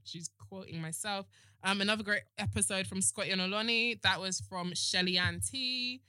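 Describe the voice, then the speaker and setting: Bright-voiced frank woman. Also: medium pitch, smooth, dry recording, clean studio sound. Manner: frank, playful, quick banter. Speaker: podcast co-host. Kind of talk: casual chat.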